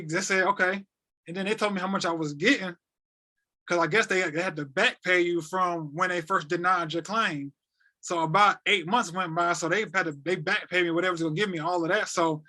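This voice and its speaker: Bright, high-voiced young man telling a story. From North Carolina. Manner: animated, repetitive, slangy retelling. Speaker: guest. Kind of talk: casual storytelling.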